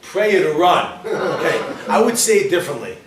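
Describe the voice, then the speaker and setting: A man teaching a class as a rabbi, his voice sitting a bit high and full of teasing questions for the crowd. He is picked up from some distance in a roomy hall. A faint ambience hums behind him. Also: very animated, normal speed. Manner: joking, questions the audience directly. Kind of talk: lively class to a live audience. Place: lecture hall with audience.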